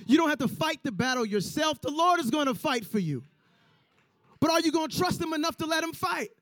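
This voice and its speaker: A man's voice: very high voice, lively intonation, a little fast, fairly bright tone. A man preaching a sermon, stressing points by repeating lines and acting out quoted voices.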